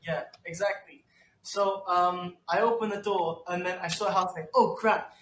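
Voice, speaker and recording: A man's voice: high-pitched, steady tone, normal speed, a bit bright. A young man guest on a podcast, chatting casually in an easygoing way, often trailing off and restarting. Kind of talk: casual chat. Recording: roomy sound from far off mic.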